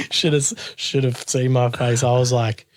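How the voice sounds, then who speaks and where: A guest musician from Australia shares a story in a casual interview, frequently laughing and animatedly voicing what people told him. He speaks slowly at a medium pitch.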